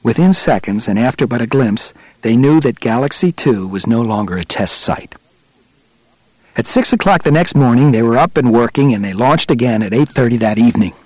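A man's voice: medium pitch, no room sound. Man narrating a story, dry close sound. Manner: steady, measured storytelling. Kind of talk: audiobook narration.

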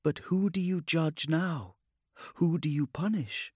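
A man voicing a calm, mysterious woman who asks soft, accusing questions. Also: fairly high pitch, slow pace, slightly rough, dry recording, clean studio sound, pitched above the performer's own voice. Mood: calm probing. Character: mysterious cool female visitor, probing and calm. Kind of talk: audiobook character voice.

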